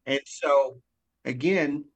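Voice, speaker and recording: A man's voice: on the high side, takes it slowly, slightly rough. A man who is a coach, talking earnestly in a motivational conversation and often checking in with "right?".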